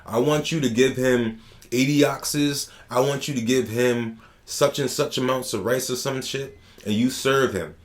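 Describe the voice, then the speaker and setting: A man putting on God, an all-powerful male deity who gives orders in loose street slang. The voice is a middle-pitched everyday male tone, commanding but casual, with blunt, punchy phrasing. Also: fairly even intonation, measured pace, lightly acted. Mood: brisk.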